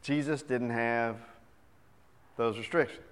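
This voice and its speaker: A middle-aged man giving a sermon as a pastor, reading scripture and telling jokes in an animated way, then teaching more quietly. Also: mid-range voice, slow pace, clean tone. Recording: reverberant hall.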